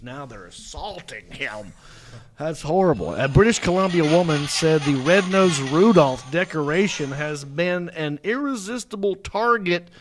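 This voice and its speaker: A man hosting a comedy show, telling funny news stories in a jokey, playful way with bursts of animated emphasis. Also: a little high. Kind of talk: casual comedic chat.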